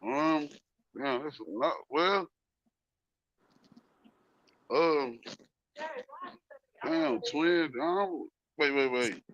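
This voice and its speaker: A man's voice: fairly high pitch, extremely slow, pauses often, fairly bright tone, lo-fi sound. A man co-hosting a podcast, joking around and trailing off into long ums. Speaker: podcast co-host. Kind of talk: casual podcast chat.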